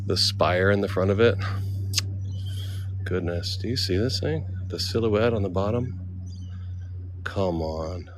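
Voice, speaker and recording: A man streams live from seaside cliffs, talking into a handheld phone in a loose, chatty way. He reads out viewer names one after another and thanks them. His voice sits fairly low, with faint outdoor ambience behind it. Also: a little slow, long pauses, noisy background. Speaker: livestreamer. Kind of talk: casual live-stream chat.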